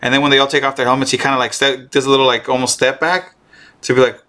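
A man chatting casually and excitedly about a show episode, swearing and restarting often. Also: medium pitch, fast talker. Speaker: streamer co-host. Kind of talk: casual show recap chat.

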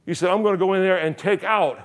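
A man's voice: high-pitched, fairly even intonation, quick pace. A middle-aged male pastor preaching a sermon, animatedly retelling Bible stories and acting out the characters' lines with frequent laughter.

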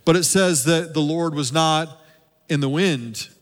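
A man's voice: fairly high pitch, a little slow. Preaching man in a reverberant hall. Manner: preaching with dramatic drops to a soft hush. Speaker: lead pastor. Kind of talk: sermon.

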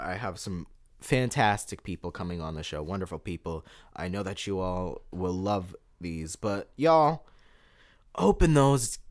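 Fired-up man ranting on his podcast. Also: lowish voice. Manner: fired-up, indignant, restarts and repeats words. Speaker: podcast host. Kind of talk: impassioned podcast rant.

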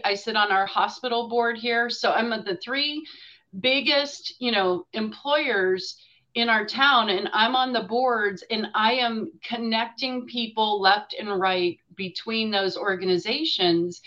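A woman guest entrepreneur telling a story in a chatty way, quick to laugh. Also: a little high, bright, forceful tone, dull audio. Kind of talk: casual storytelling on a video call.

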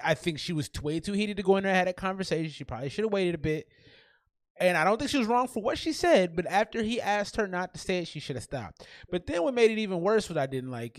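A young man with a fairly high, very lively voice, co-hosting a casual podcast chat. He stammers into his points and then hits them hard and opinionated. The sound is dry and close, with no room in it. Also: no room sound. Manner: stammering restarts, opinionated, emphatic. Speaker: podcast co-host. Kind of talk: casual chat recapping a reality show.

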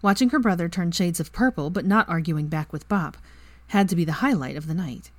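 A woman narrating fan fiction with an expressive reading. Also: on the low side, a little fast, no echo. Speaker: fanfiction reader. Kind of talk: storybook narration.

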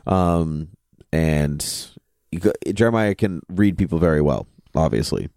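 Deep-voiced man rambling through a TV recap. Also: measured pace, gravelly, dark tone, no echo. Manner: meandering, many ums, dry jokes. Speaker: podcast co-host. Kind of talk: casual TV recap chat.

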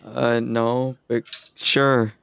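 A man's voice: medium pitch, little pitch movement, extremely slow, vocal fry, a bit bright, clean tone. Laid-back male co-host, short remarks. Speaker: podcast co-host. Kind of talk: casual movie review chat.

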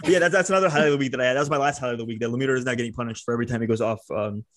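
A man's voice: medium pitch, racing. A man co-hosting a casual sports podcast over a video call, rambling with lots of fillers and casual swearing. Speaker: podcast co-host.

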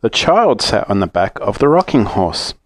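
A man reading a children's story aloud with gentle, expressive storytelling. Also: on the low side, moderate pace, dry recording.

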